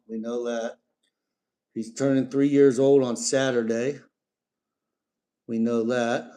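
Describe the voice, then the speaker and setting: During a home live stream, a middle-aged man with a drawl chats easily and at length, wandering from thought to thought. He keeps stopping to coax and praise his parrot. His mid-range voice has a darkish tone.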